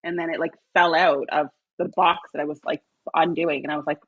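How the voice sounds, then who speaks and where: A woman hosting a podcast in casual conversation, excitable and acting out her own past words as she tells stories. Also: low-pitched, fairly quick, breathy edge, no echo, highs cut off. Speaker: podcast host.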